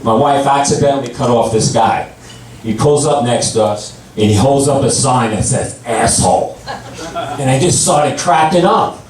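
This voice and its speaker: A stand-up comedian in his sixties delivers a set of deadpan one-liners at normal speed, voicing other people in a higher pitch. He sounds far off in an echoey club.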